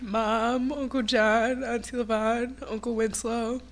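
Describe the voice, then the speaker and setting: A young woman giving a tribute at her grandfather's funeral in a church sanctuary, speaking into a podium microphone. She talks fondly and laughs through her memories, growing soft when she turns serious. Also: fairly high pitch, little pitch movement, takes it slowly.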